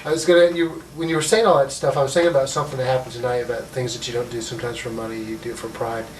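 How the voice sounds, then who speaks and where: A man interviewing a wrestler, asking quick, prodding questions. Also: mid-range voice, little pitch movement. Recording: distant voice with room noise.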